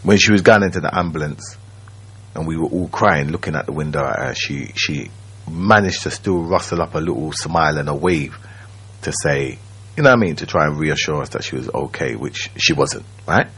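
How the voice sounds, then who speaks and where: A man, telling his own story as a radio guest in a slow, reflective way, often checking that the listener follows. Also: rumbling low, a bit bright, husky. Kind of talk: personal storytelling. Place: radio studio.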